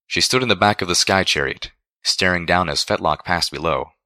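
A man narrating a fan fiction story aloud in a steady reading voice. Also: low voice, fairly quick, dry recording, clean studio sound.

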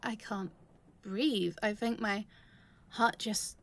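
A young woman in an audio role-play addressed to the listener, halting and stammering, emotional, swearing often. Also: mid-range voice, fairly bright tone.

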